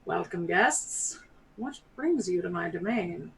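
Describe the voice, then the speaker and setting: Brief: woman as a guarded drow lady of the house, formal, measured, slow. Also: on the low side, animated, creaky, a bit bright, slight background noise, exaggerated voice, poor audio. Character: tall proud drow noblewoman, guarded and cool.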